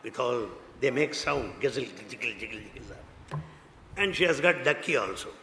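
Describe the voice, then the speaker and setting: An older man with an Indian English accent telling devotional stories in a lively way, acting out what people said. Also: medium pitch, moderate pace. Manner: animated storyteller, acts out quotes, laughs often. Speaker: spiritual speaker. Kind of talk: devotional talk with anecdotes. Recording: echoey hall, faint background noise.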